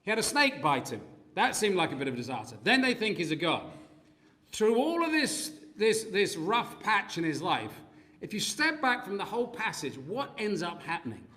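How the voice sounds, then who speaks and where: A man's voice: high voice, moderate pace. A man preaching a sermon in a church, telling stories with acted-out quotes. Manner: animated storytelling with acted quotes.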